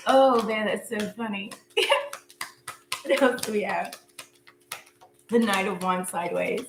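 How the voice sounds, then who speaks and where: A woman's voice: mid-range voice, animated, drawn-out words, pauses often. A middle-aged woman giving a casual live tarot reading, chatty and blunt, laughing often and cursing freely. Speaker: tarot reader. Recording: echoey room with faint hum.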